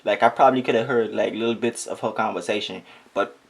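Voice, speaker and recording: A young man with a Trinidadian accent telling a comic storytime story in an animated, exaggerated, joking way. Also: lowish voice, fast talker, creaky, husky. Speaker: comedic vlogger. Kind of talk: comedic storytime.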